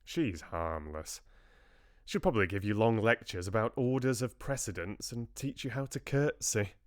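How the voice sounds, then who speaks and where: A man's voice: mid-range voice, brisk, dry recording, clean studio sound, lightly acted. A man voicing Richard, a young prince, clipped and indignant, while reading a novel aloud. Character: Richard, young prince, hot-tempered but loving.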